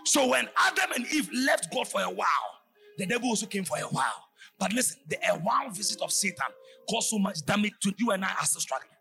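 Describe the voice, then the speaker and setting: A male preacher delivers a fervent sermon, shouting often and lilting into a sing-song rhythm. His voice sits high and sounds bright and forceful. Faint music plays under him. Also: sing-song, fast talker, vocal fry.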